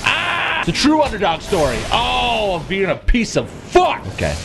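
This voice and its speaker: An excitable man commenting as he plays a game, swearing freely and breaking into sudden yelps and shouts. His voice sits somewhat high and swings wildly in pitch, with game music running behind. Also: normal speed, creaky. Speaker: gamer. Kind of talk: let's play commentary.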